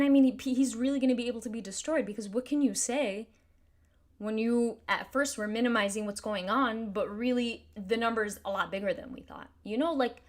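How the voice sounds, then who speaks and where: A woman giving casual spoken commentary to camera, earnest and thinking aloud, with frequent restarts and fillers like "like" and "you know". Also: a little high. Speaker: commentary YouTuber.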